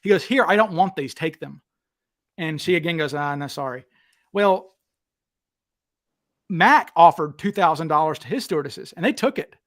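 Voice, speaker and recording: A man hosting a casual chat, retelling stories with lively acted-out quotes. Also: on the high side, moderate pace, long pauses. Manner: animated, acts out quotes with raised voice. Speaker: podcast host.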